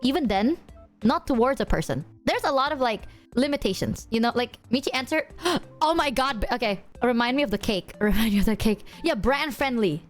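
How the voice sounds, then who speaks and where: A young woman streaming and chatting casually with her viewers, bubbly, laughing often and swearing freely. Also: fairly high pitch.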